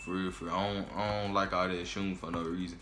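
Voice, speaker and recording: A man hosting a reaction video, talking casually and trash-talking excitedly, often repeating himself. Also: low voice, fast talker, heavy background noise. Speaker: YouTube reaction host.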